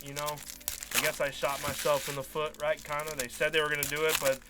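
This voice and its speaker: A man's voice: on the high side, level tone, fairly quick, noisy background. A man telling a long, frustrated story in casual live-stream chat as a card break host, acting out quoted dialogue. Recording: faint music behind.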